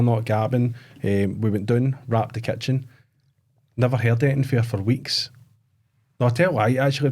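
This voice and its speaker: Scottish man, podcast host, quick banter, warm mellow voice. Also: mid-range voice. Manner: teasing, banters with guests. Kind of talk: casual podcast chat.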